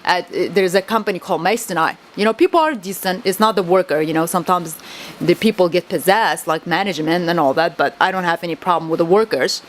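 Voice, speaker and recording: A woman's voice: fairly low pitch, fast talker, slight background noise. A woman whose first language is Kurdish, venting to camera in a rambling, agitated, swearing monologue that keeps circling back on itself.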